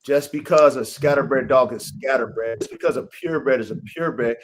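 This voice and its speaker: A man's voice: mid-range voice, fast, few pauses, slight background noise. A man hosting a live-streamed dog-breeding podcast, talking in an emphatic, profane, preachy way. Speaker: podcast host. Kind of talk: casual podcast discussion. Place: home studio on a live stream.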